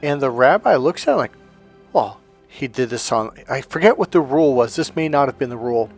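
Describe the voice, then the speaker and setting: A man's voice: medium pitch, animated, quick pace, soft background music. A middle-aged man, a life coach, delivering an emphatic, preachy motivational monologue full of storytelling.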